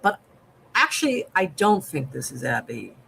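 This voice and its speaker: A podcast co-host chatting through a show recap, quick to laugh and jump in. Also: mid-range voice, sing-song, creaky, pushed and bright, a little hiss or hum, rough recording.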